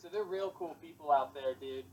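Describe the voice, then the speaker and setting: A man's voice: a little high, brisk, rough recording. A young man in casual chat, laid-back and rambling with lots of fillers.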